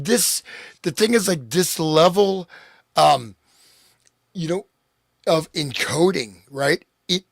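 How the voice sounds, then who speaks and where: A man's voice: a little high, creaky, no echo, clean studio sound. A man co-hosting a podcast in casual chat, joking loosely and leaning on fillers. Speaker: podcast co-host.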